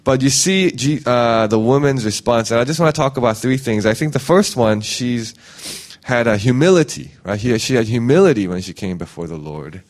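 A man's voice: lively intonation, moderate pace. A man preaching a casual sermon in a conversational way, often ending points with "right?" and acting out quoted voices. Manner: conversational, frequent "right?" tag questions; acts out quoted voices with big pitch jumps.

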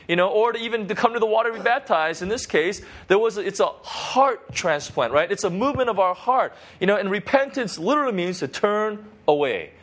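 A man's voice: sits high, fairly bright tone. Man preaching casually, full of "right?". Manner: conversational, frequent "you know" and "right?" tags. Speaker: pastor. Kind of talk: informal devotional teaching.

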